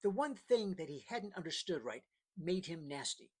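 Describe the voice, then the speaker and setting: A man's voice: sits high, sing-song, moderate pace, slightly rough. A man narrating a first-person novel in a dry, plain-spoken storytelling manner. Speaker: audiobook narrator.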